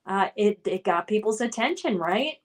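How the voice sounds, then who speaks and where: A woman's voice: medium pitch, animated, moderate pace. A woman hosting a casual livestream trivia game, chatting and reading viewer comments aloud before answering them. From United States. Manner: chatty, reads chat names then responds.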